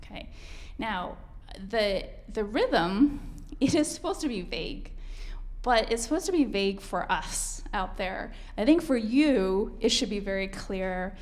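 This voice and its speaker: Slow-spoken woman coaching piano. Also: mid-range voice, expressive, a little mellow. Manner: counts and sings rhythms aloud while coaching. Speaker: piano teacher. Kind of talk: masterclass coaching.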